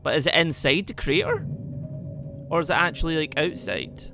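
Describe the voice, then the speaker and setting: A man commentating his game play, excitable, talking to the creatures and shouting when he panics. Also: on the high side, normal speed, vocal fry, over music. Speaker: gaming YouTuber.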